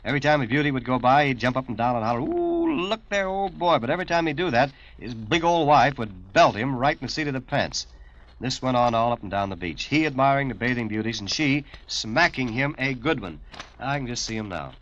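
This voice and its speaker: A man's voice: mid-range voice, fairly quick, fairly bright tone. A man hosting a morning radio show, chatty and folksy as he reads a listener's story. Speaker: radio disc jockey. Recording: dull 1950s radio aircheck.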